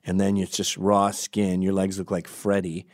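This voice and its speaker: A man's voice: sits low, monotone, normal speed, a little mellow. A man rambling through a crude, digressive comic monologue, often breaking off to correct himself. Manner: crude, digressive, self-interrupting.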